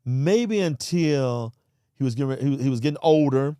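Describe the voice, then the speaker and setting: A man's voice: mid-range voice, animated, normal speed, warm tone, smooth, dry recording, clean studio sound. A man, telling his story in a candid interview, earnest and heartfelt, calling the host "man" and "bro". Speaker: podcast guest.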